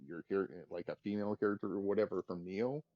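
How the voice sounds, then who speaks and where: A man's voice: low voice, fairly even intonation, fast, no room sound. A laid-back young man streaming, casually chatting about a video game. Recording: dull lo-fi dry mic.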